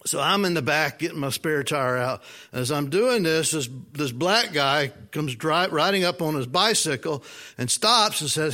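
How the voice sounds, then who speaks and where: A man preaching a sermon, telling a personal story in a folksy, animated way and asking the congregation questions. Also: a little high, moderate pace. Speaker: pastor.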